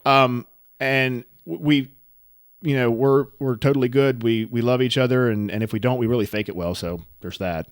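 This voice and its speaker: A man's voice: medium pitch, normal speed, clean tone, no echo. Rambling self-deprecating man, dry mic. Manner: rambling, self-deprecating, animated when telling stories. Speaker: podcast co-host. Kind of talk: casual storytelling chat.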